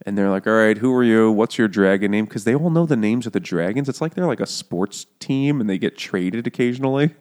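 A man's voice: lowish voice, animated, a little mellow. A man casually and sarcastically retelling a fantasy novel's plot, swearing and briefly acting out the characters. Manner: sarcastic, profane, acts out characters in quick voices. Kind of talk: casual comedic book recap.

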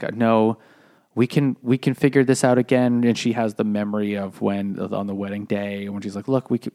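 A man's voice: fairly low pitch, darkish tone, no room sound, clean studio sound. A man casually retelling a novel's plot on a book podcast, rambling with lots of fillers. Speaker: podcast co-host.

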